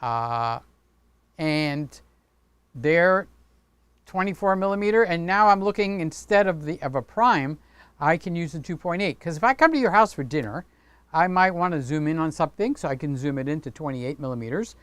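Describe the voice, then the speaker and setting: A man's voice: a little high, animated, moderate pace, fairly bright tone, smooth, dry recording. A man hosting a casual livestream, chatting playfully with viewers and talking with his hands. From Greek heritage. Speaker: livestream host.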